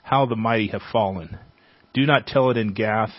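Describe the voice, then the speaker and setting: Man, scripture reading, measured delivery, dry close sound, muffled lo-fi audio. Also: lowish voice, no room sound. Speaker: Bible teacher.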